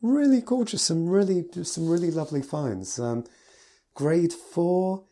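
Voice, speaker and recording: Male piano teacher, casual review from notes, mellow voice, enthusiastic. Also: fairly high pitch, lively intonation, unhurried. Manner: enthusiastic, gushing with adjectives.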